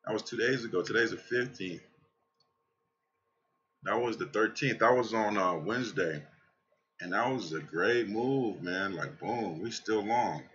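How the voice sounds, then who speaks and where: A man giving casual, excitable trading commentary over a screen share, swearing and talking straight to his viewers, tired from a night without sleep. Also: lowish voice, a little slow, long pauses, highs cut off, a little hiss or hum. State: tired from staying up all night. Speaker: crypto trading channel host.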